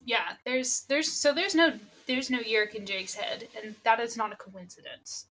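A woman's voice: on the high side, unhurried, fairly bright tone. A woman co-hosting a podcast in casual book-club chat, with playful, jokey asides. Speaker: podcast co-host.

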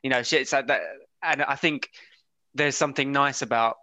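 A man, a band member, chatting on a podcast in a halting, hedging way. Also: mid-range voice, sharp tone, no room sound. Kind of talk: casual podcast chat.

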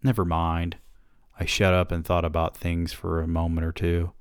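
A man hosting a podcast, reading first-person fiction aloud with measured, even narration. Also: deep voice, clear, resonant tone, no room sound, studio quality.

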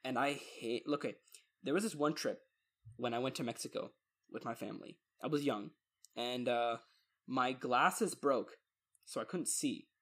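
Husky young Texan man chatting. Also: medium pitch, moderate pace. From Texas. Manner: animated storyteller, many fillers. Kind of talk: casual chat.

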